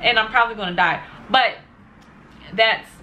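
A woman's voice: a little high, moderate pace, highs cut off, over a noisy crowd. A young woman reacting to a video with amused, chatty commentary. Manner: amused, chatty, repeats herself.

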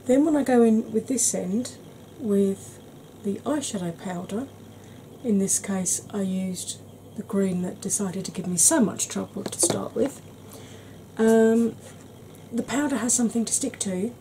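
A woman talks softly and gently through an ASMR makeup tutorial, calling her viewers "darling" as she works. Her voice has a mellow, relaxed tone at a middle pitch. A faint hiss sits under the recording. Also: a little slow. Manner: chatty, gentle, dotted with "darling". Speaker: beauty vlogger.

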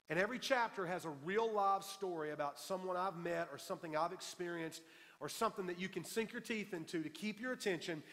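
A man preaching to a congregation, his voice sitting a little high and carrying a long tail of reverb through the church hall. He tells stories with emphasis and repeats his key lines for weight. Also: fairly bright tone. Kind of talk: sermon. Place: church sanctuary.

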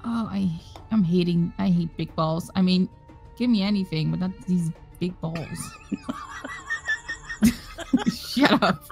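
A woman's voice: on the low side, wildly swooping pitch, slow pace, vocal fry, pauses often, faint music behind. A young adult woman playing as a guest in casual gameplay banter, giggling often. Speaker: guest co-player.

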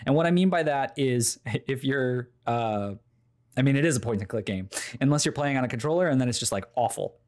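Animated young man on a podcast. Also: mid-range voice. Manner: animated, swearing, acts out game characters in quick put-on voices. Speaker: podcast co-host. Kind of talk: casual podcast chat.

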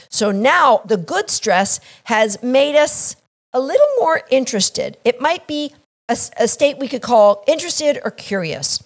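A woman from Canada, a dog trainer explaining a training idea, acting out little scenes and checking in with "right?". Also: a little high.

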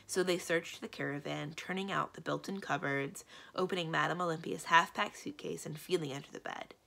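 A woman librarian reads a children's story aloud with lively, expressive storytelling. Her voice sits a little low with a gravelly texture. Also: a little fast. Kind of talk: children's book read-aloud.

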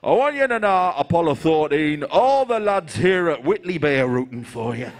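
A comedian playing an unhurried, chatty mission controller with a Geordie accent. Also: male voice, a little high, expressive, voice pushed up. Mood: easygoing. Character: laid-back Geordie mission controller, man. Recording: live show with very loud background noise.

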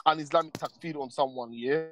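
A man's voice: on the high side, fairly quick. Slangy man on a rant. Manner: rambling, heavy street slang, many repeated tags. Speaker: stream panelist. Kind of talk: casual heated rant.

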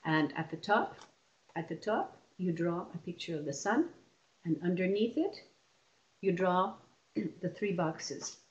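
A woman's voice: fairly low pitch, expressive, a little slow, long pauses. A woman presenting an online teacher-training session, explaining classroom methods step by step and often restarting her phrases.

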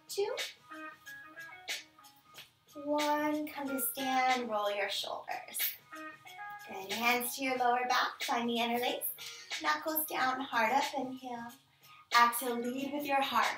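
A woman leading a power yoga class, giving calm, encouraging step-by-step cues. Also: high-pitched. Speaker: yoga instructor. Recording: echoey room, mic at a distance, music behind.

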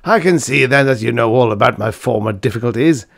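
A man's voice: medium pitch, animated, a little fast, vocal fry, no room sound, studio quality, pitched above the performer's own voice. A man doing a blustering old professor. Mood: boisterous. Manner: blustering, shouting. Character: boisterous elderly male professor, hearty and testy.

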